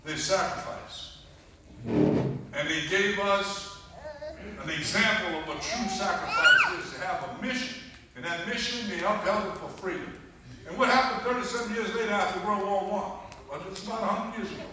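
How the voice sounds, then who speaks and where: A man's voice: high-pitched, huge pitch swings, moderate pace, heavy background noise. A man giving an emphatic speech to a church congregation, repeating phrases for effect. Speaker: guest speaker at a church. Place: large echoey church. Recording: echoey hall, heard from far off.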